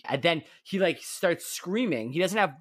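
A man's voice: a little high, normal speed, husky, no echo. Rambling man on a dry, close mic. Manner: rambling, restarts often, relaxed. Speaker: podcast co-host. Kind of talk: casual sports podcast chat.

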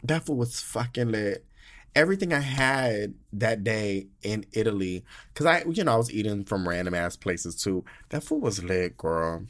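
Sassy, animated young American man. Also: lowish voice. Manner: sassy, animated, swears a lot, drawn-out gushing. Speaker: podcast host. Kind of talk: casual travel recap monologue.

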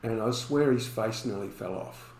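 A man's voice: fairly low pitch, moderate pace, a little mellow, reverberant, rough recording. A man, a podcast guest telling a story and acting out the dialogue in it.

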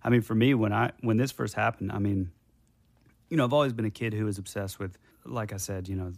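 A man co-hosting a podcast who talks in a reflective, halting way with many fillers. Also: fairly low pitch, creaky, dry recording. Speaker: podcast co-host. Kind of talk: casual chat.

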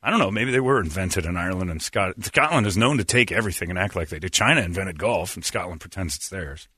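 Radio host guy joking around w his cohosts, lively bright voice, dry studio sound. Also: sits low, quick pace, husky, dry recording. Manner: joking, teasing storyteller. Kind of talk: casual studio banter.

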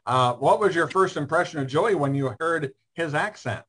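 A man hosting a casual online show, friendly and halting with lots of fillers. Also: a little high, lively intonation, fairly bright tone, breathy edge. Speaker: host. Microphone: video call.

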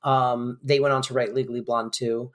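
A man's voice: medium pitch, little pitch movement, normal speed. A man co-hosting a podcast, casually recapping a sitcom episode in a loose, rambling way. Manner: loose and rambling, lots of fillers like "like" and "um". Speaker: podcast co-host.

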